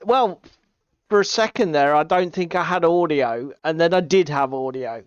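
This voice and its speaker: Low-voiced woman on dull lo-fi stream audio. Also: moderate pace, clean tone, dry recording. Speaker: co-host. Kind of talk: casual livestream chat.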